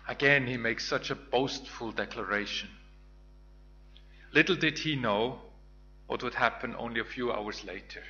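A man's voice: medium pitch, moderate pace, pauses often, sharp tone, dull audio, slight background noise. A man giving a Bible teaching sermon, retelling scripture in a reflective storytelling way with small restarts. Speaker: preacher.

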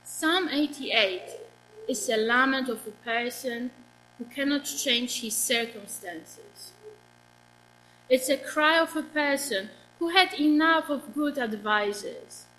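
Slow, high-voiced woman preaching. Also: sharp tone, poor audio. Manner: earnest, asks the congregation questions. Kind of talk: sermon.

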